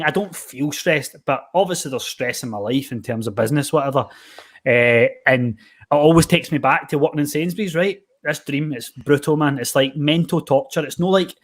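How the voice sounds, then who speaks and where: A Scottish man hosting a podcast, telling rambling stories in casual chat. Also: a little high. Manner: rambling, animated storytelling with lots of fillers. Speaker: podcast host, personal trainer.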